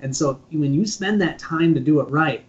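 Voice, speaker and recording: A man's voice: a little high, normal speed. Chatty Minnesotan man, lo-fi stream. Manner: chatty, laughs often. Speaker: board game video channel host. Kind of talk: casual live stream chat. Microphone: phone earlier, now mic. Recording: dull lo-fi stream audio.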